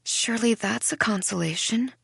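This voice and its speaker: A woman voicing an eerie, cold young girl who speaks softly, smiling and half-whispering. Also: medium pitch, unhurried, breathy edge, dry recording, studio quality. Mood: sighing.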